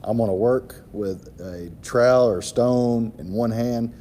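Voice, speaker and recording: A man's voice: medium pitch, slow, dark tone, slight background noise. A man talking thoughtfully in a casual group Bible study discussion.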